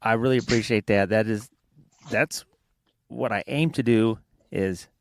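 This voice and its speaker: A man's voice: lowish voice, unhurried, gravelly, slight background noise. Rambling Southern man hosting a podcast. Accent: Southern American. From Alabama, United States. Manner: rambling, self-deprecating storyteller. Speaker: podcast host. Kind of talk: casual podcast chat.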